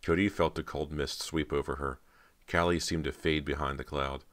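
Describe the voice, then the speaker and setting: A man with an extremely deep, low voice reads a horror audiobook in steady, measured narration. The delivery is even and deliberate, paced for storytelling.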